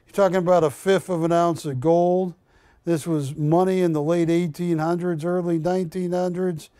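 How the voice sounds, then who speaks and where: A man hosting a live shopping channel, pitching coins in a folksy, joking, pushy sales manner. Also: level tone, normal speed, mellow, clear, resonant tone, dry recording, studio quality.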